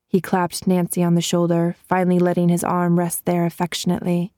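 Low-voiced woman reading a story. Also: monotone, fairly quick, few pauses, warm tone, no room sound, studio quality. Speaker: audiobook narrator. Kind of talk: scripted narration.

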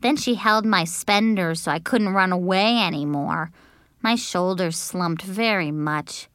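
A woman narrating a children's book in an animated, childlike first-person manner. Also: fairly low pitch, unhurried, clean tone, no echo, clean studio sound. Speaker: audiobook narrator. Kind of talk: expressive storybook narration.

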